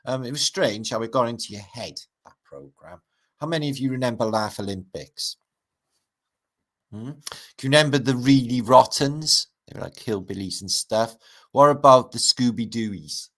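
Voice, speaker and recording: A man's voice: medium pitch, moderate pace, fairly bright tone. A middle-aged man, rambling and swearing through a casual livestream chat as its host. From Britain.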